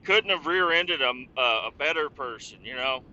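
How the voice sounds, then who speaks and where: A man's voice: on the high side, animated, normal speed, bright, forceful tone, highs cut off. A man hosting a podcast, joking around and laughing with his caller. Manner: jokey, laughs often, short backchannels. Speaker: podcast host. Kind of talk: casual chat.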